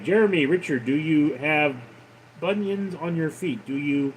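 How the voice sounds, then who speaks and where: Sarcastic, high-voiced man chatting on a livestream. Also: a little slow, a little hiss or hum, rough recording. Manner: sarcastic, deadpan replies to viewers. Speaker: livestream host reading chat. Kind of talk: casual livestream chat.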